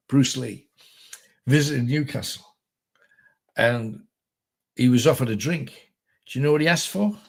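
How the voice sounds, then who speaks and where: A man's voice: mid-range voice, vocal fry, husky. A middle-aged man from North East England, hosting a casual, rambling livestream chat, reading viewer comments and telling jokes in a self-deprecating way. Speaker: host.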